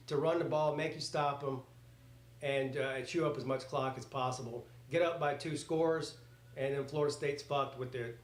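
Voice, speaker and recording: A man talks through a football game live, rambling and getting excited over each play, with a voice that sits a little high. He swears casually as he goes, and his mic picks up a roomy, echoey space around him. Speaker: live reaction host. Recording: roomy echoey home setup.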